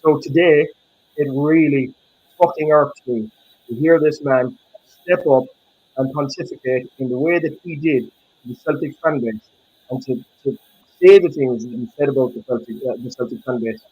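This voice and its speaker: A podcast co-host and blogger from County Kerry, Ireland, delivers heated, emphatic commentary in a Kerry Irish accent, tagging his points with "okay?" and "right?". His medium-pitched voice is warm, at a normal speed with frequent pauses, heard over muffled, lo-fi online call audio.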